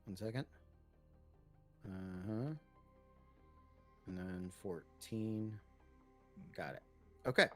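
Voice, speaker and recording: A man runs a tabletop game as game master, his voice sitting low. He gives plain, matter-of-fact rulings and shifts into vivid narration. Faint music plays behind him. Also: extremely slow, long pauses.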